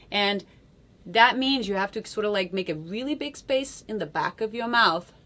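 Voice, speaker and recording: A woman teaching a voice lesson, explaining singing technique in a chatty way and often checking in with a questioning "yes?". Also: medium pitch. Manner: sings loud vowel demonstrations.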